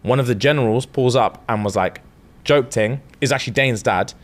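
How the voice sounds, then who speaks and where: A man's voice: medium pitch, fast talker. Young man retelling a story. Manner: animated retelling, acting out characters' lines with slang and swearing. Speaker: podcast co-host. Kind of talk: casual storytelling chat.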